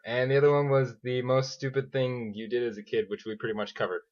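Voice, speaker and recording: A man's voice: mid-range voice, little pitch movement, quick pace, darkish tone. A man hosting a podcast, dryly steering a casual chat, on a dull lo-fi recording. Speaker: podcast host.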